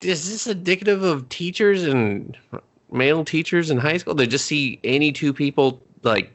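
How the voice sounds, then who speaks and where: A man's voice: fairly high pitch, normal speed, fairly bright tone. A man co-hosting a casual movie review podcast, laughing often and acting out characters in crude mock voices. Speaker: podcast co-host.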